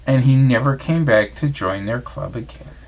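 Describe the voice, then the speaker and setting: A man reading a bedtime storybook aloud to his child in an expressive read-aloud voice. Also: medium pitch, moderate pace, noisy background.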